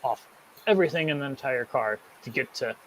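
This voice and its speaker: Man, mechanic guest, casual chat, easygoing, laughs a lot, mid pitch, faint background noise. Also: expressive, a little fast, a bit bright, poor audio. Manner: laughs often, trailing "like" fillers. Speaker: podcast guest, car mechanic.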